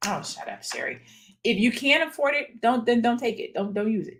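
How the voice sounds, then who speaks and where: A woman's voice: a little high, expressive, fairly quick, background noise. A woman hosting a live stream in a chatty, direct way, talking straight to her viewers and answering their comments. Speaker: host of a live stream about a women's retreat.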